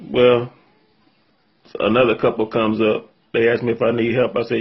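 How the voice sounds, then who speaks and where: Shaken after crying, a man addresses his viewers directly to recount a painful personal event, earnest and heartfelt throughout. He has a mid-range, slightly rough voice with little pitch movement and talks at normal speed. The recording is muffled.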